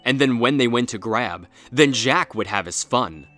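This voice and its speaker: A man narrating a rhyming Halloween story in a playful, expressive storybook style. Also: medium pitch, normal speed, soft background music.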